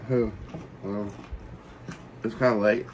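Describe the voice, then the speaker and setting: A man's voice: lowish voice, fairly even intonation, slow, background noise. A man chatting casually while eating, joking around and talking with food in his mouth. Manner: joking, laid-back, talks with food in mouth.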